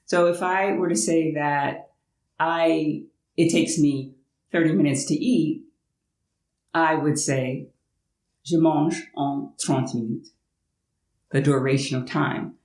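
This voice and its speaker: A woman's voice: deep voice, steady tone, takes it slowly, a little mellow, echoey room, poor audio. An American woman vlogging casually from her home in France, explaining things in a chatty way with playful asides. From United States. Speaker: language-learning vlogger. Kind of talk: casual talking-head vlog.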